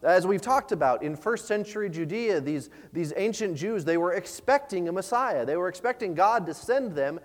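A pastor giving an earnest, conversational sermon, often repeating words and using fillers. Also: male voice, sits high, expressive, normal speed, few pauses. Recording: long reverb of a large hall.

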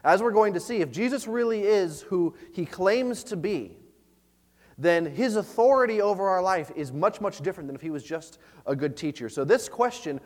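A pastor giving an earnest, conversational sermon, often repeating words and using fillers. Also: male voice, high-pitched, lively intonation, moderate pace. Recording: long reverb of a large hall.

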